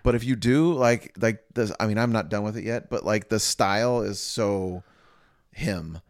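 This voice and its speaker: A man's voice: lowish voice, moderate pace, dry recording, studio quality. A man co-hosting a casual podcast, rambling in a laid-back way with lots of filler words. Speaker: podcast co-host, barber. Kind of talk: casual chat.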